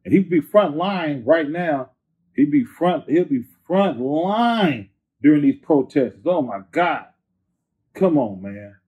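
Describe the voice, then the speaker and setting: A husky-voiced man from the Bay Area talks in a loose, animated way, dropping slang and "you know" between every thought. His voice comes through a narrow, phone-like line, thin and boxy. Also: on the high side, takes it slowly. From Bay Area, California. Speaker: rapper guest. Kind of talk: casual interview storytelling.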